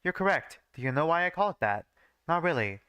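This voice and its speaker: A man's voice: fairly high pitch, very animated, fairly quick, smooth, no echo, dull audio. A young man reading his own old fanfiction aloud on a live stream, breaking off with casual, swearing jokes about his writing. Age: young adult. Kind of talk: live reading with joking asides.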